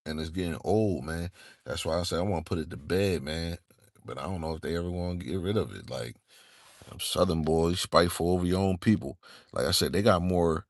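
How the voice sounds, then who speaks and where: A man's voice: deep voice, brisk, no echo, clean studio sound. A man from the Northeastern US, hosting a casual, exasperated commentary rant and peppering his talk with "man" and "bro.". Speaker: channel host.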